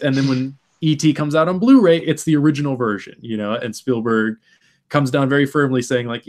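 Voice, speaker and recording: A man's voice: medium pitch, brisk, a little mellow. Chatty man talking through film ideas. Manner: thoughtful, talks in long stretches, acts out quotes. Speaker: podcast host. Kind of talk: casual film discussion.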